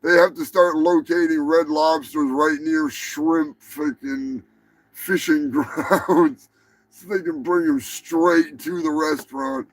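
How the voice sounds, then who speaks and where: A man's voice: fairly high pitch, fairly even intonation, slow pace, dry recording, poor audio. A man hosting a live show, ranting about odd animal news with lots of swearing, rambling asides and laughter. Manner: profane, rambling, laughs mid-sentence. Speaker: show host. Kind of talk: live comedic news rant.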